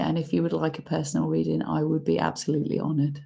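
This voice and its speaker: A woman's voice: sits low, flat delivery, vocal fry, mellow. A woman giving an emotional spoken oracle card reading, heartfelt and full of sighs. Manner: slow, heartfelt, breaks into emotional laughs and sighs.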